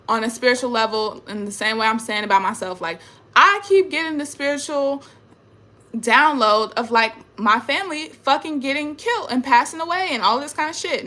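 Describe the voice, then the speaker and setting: A young woman talking in a casual, emotional, rambling monologue, swearing often and trailing off quietly. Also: a little high. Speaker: spiritual vlogger.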